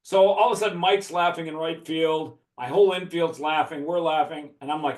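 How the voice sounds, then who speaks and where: A man's voice: fairly high pitch, steady tone, fairly quick, hardly any pauses. A man from the Chicago area telling a profane story in a casual chat, laughing as he talks. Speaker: podcast guest. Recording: echoey room.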